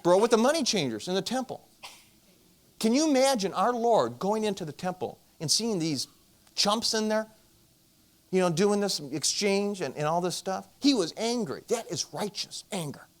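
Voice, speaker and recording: A man speaking at a marriage conference, telling a self-deprecating story and addressing the audience with direct questions, his volume swinging from loud to hushed. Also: high-pitched, animated, normal speed. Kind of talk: storytelling Christian talk.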